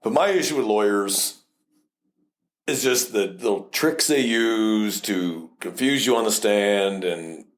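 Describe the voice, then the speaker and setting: Blunt, profane cop talking on a podcast. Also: male voice, fairly low pitch, slow pace. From South Texas. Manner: blunt and profane, with animated storytelling. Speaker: police officer, podcast co-host. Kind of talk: casual podcast chat.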